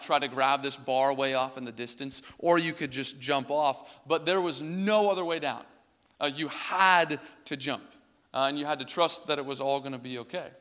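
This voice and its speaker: Bright-voiced young pastor in a reverberant hall. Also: male voice, fairly high pitch. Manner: casual storytelling with many fillers. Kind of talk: sermon with personal story.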